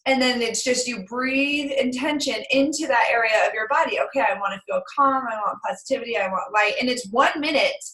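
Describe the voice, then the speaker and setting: A woman in her thirties chatting casually on a group call, telling stories with lively quoted dialogue. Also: a little high, brisk, hardly any pauses, roomy sound, low-quality recording. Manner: chatty, animated storytelling with acted quotes. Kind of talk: casual chat.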